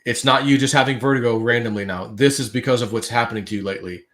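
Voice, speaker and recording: A man's voice: medium pitch, quick pace, a bit bright. A man on a livestream telling a long dream story in a casual, rambling way, full of fillers and restarts. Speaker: guest.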